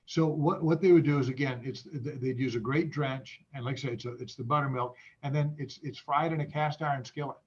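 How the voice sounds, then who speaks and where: A man who is a guest on a video call, chatting casually in a halting way with many restarts and fillers. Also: mid-range voice, steady tone, darkish tone, breathy edge, dull audio.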